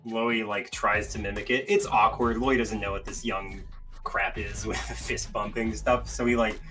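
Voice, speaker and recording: A man playing a tabletop game, describing his character's moves haltingly. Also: lowish voice, steady tone, a bit bright, far from the mic, faint music behind. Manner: chuckling, halting with ums. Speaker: player.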